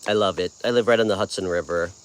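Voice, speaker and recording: With a deep voice and a quick pace, a man from New York hosts a relaxed live tarot stream. He talks with viewers in a friendly, conversational way, replying to their comments, and there's a little hiss or hum in the background.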